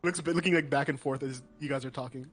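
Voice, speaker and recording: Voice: mid-range voice, fairly even intonation, fast, breathy edge. A game master narrating a tabletop game in a casual way, full of likes and ums. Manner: casual, filler-heavy narration.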